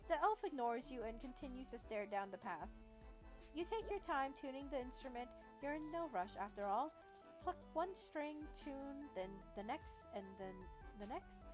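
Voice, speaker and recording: A woman's voice: high-pitched, animated, normal speed, music in the background. A woman hosting a gaming video, reading a text adventure aloud with playful, chatty commentary and the odd stumble. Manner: playful, chatty, says "lol" aloud, stumbles over words while reading.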